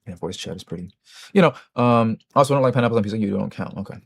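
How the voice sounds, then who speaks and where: A man's voice: lowish voice, rapid-fire, vocal fry, husky, dry recording. A man hosting a livestream, chatting casually and answering his chat in a rambling, joking, self-mocking way with many restarts. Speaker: livestream host.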